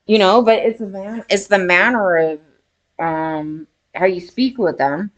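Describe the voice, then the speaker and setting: A woman's voice: mid-range voice, unhurried. A woman giving casual opinion commentary in a blunt, rambling way, swearing freely.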